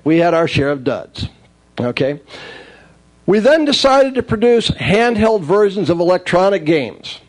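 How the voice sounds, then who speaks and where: A man telling wry, lively stories from his career in the toy business, acting out the dialogue as he goes. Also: sits high, measured pace. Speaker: speaker recounting his toy industry career. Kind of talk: anecdotal storytelling talk.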